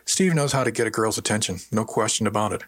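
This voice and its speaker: A man's voice: on the low side, fast talker, no room sound, close to an everyday voice. A man voicing a sly, teasing woman with a smug, knowing delivery. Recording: dry close recording.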